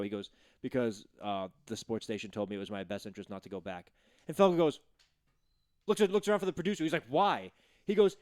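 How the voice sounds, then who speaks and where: A man's voice: mid-range voice, animated, a little mellow, no echo. A man co-hosting a sports podcast, telling stories bluntly and with plenty of swearing in casual chat. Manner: fast, blunt, profane storytelling. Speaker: podcast co-host. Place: studio.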